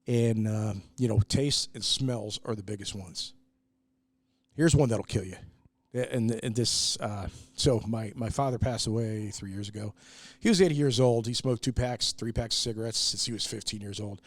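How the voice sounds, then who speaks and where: A man's voice: fairly low pitch, normal speed, dry recording. A man in casual podcast chat, telling a personal family story candidly, with restarts and the odd swear word. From New York, US. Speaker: brewery owner, guest.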